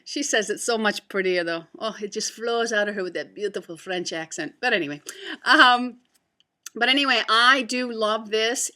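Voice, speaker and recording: A woman's voice: mid-range voice, sharp tone. A woman reviewing beauty products to camera in a casual, chatty way, with many fillers and restarts. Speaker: beauty vlogger.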